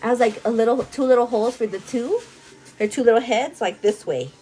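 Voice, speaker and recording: A woman's voice: on the high side, fairly quick, warm tone, rough recording. A woman from a Mexican-American family chatting casually while getting ready at home, bubbly and laughing often, dropping in Spanish words. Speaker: beauty vlogger. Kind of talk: casual chat.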